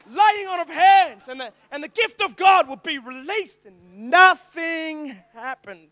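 An Australian man with a strikingly high voice preaches to a youth group, telling a self-deprecating, joke-filled story. He's animated and keeps calling out for the crowd's replies, recorded close and dry without room echo.

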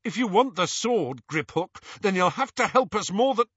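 A man's voice: high-pitched, animated, moderate pace, a bit bright, slightly rough, dry recording, highs cut off, voice pushed up, heavily acted. A man voicing a determined young male wizard who gives urgent orders. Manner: urgent, commanding.

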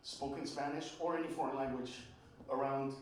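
A man from the United States doing a stand-up routine, profane, loud and punchy. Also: medium pitch, fairly even intonation, normal speed, slight background noise. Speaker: stand-up comedian. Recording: echoey club, far mic, crowd. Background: audience laughter.

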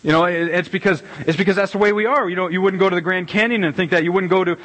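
A middle-aged man preaching a casual, conversational sermon as pastor, animated and rambling, with many restarts and repeated words. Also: high-pitched, racing, rough recording. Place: church sanctuary.

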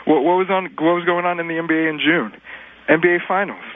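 A man's voice: on the high side, steady tone, fast talker. A man from Los Angeles calling a radio show, stammering and indignant. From Los Angeles area. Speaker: caller. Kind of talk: phone-in chat. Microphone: telephone. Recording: tinny phone line on radio.

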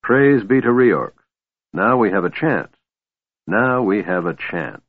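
A man's voice: fairly low pitch, lively intonation, slow, full character voice. A man voicing a grumpy old male dwarf who snaps and roars in exasperation, reading a storybook. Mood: relieved. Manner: gruff, snapping, exasperated. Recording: tinny phone-like sound, dry.

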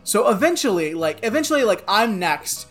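Co-host, mid pitch, foul-mouthed animated storyteller, casual podcast chat. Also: normal speed, faint music behind. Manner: profane, animated, peppered with "like".

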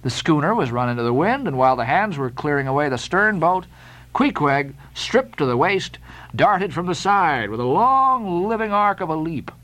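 Man, audiobook narration, dramatic delivery, animated intonation. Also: a little high, normal speed, rough recording. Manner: dramatic, expressive reading. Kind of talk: scripted narration of a classic novel.

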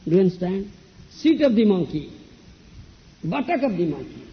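A man's voice: high voice, sing-song, moderate pace. A man teaching as a spiritual teacher in a religious discourse, often asking his listeners if they understand. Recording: dull lo-fi echoey hall with faint noise.

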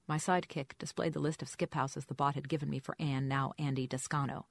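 A woman's voice: sits low, steady tone, a little fast, gravelly, few pauses, no echo. A woman reading a first-person story aloud in a dry, wry storytelling manner. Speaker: audiobook narrator. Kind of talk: scripted first-person narration.

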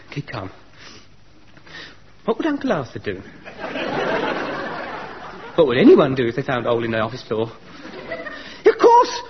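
An actor playing a naive, eager young bank clerk in a radio comedy, recorded with a muffled sound. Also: male voice, medium pitch, background noise. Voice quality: eager, flustered. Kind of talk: 1970s radio comedy acting.

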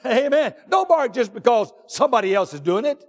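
High-voiced preacher man in an echoing church. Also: lively intonation. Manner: emphatic preaching, rising to shouts on key points; drawn-out deliberate phrasing with repetitions. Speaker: pastor. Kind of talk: sermon. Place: church sanctuary. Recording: long reverb of a large church hall.

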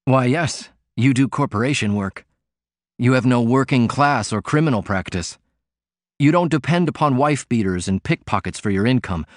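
A man's voice: medium pitch, animated, moderate pace, dry recording, studio quality, close to an everyday voice. A man reading as a defiant, cutting young working man. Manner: pointed, argumentative.

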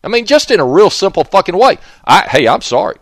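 A Southern-accented man talks in a blunt, profane ramble, his pitch rising and falling with lively swings. He wanders off on tangents and cusses freely. The sound is dry and close. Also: a little fast, no echo. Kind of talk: rambling casual monologue.

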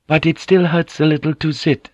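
Fields: man voicing shy young noblewoman. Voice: thin, high, lifted well above his own. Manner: halting, apologetic. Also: little pitch movement, darkish tone, no room sound, muffled recording, close to an everyday voice.

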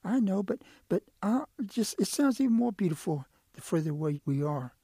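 A man's voice: high-pitched, very animated, moderate pace, mellow, breathy edge, dry recording, voice pushed up, full character voice. A man doing an eager, coaxing trickster quail. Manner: coaxing, persuasive. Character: eager, pleading male quail, cunning trickster.

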